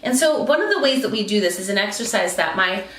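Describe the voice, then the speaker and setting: A woman speaking coach teaching vocal technique, demonstrating by jumping between very high and low pitch. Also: expressive, fast talker, fairly bright tone, echoey room, distant mic, rough recording. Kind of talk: instructional talk with vocal demonstrations.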